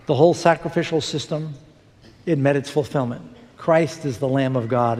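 A man's voice: on the high side, a little mellow. A man preaching a sermon in a church, earnestly pleading with the congregation to respond. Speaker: pastor. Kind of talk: sermon with altar call and prayer. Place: church sanctuary. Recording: long hall reverb with music underneath.

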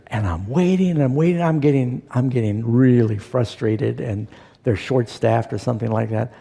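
A man's voice: medium pitch, normal speed, creaky, dark tone, slightly rough. A man preaching a sermon to a congregation, telling a story and acting out the quotes, and asking them questions. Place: church sanctuary. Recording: long reverb of a church hall.

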